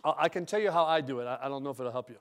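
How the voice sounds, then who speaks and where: A man's voice: medium pitch, rapid-fire, fairly bright tone, clear, resonant tone. A man speaking as a sales manager at a company retreat, giving a direct, joking, casual motivational talk.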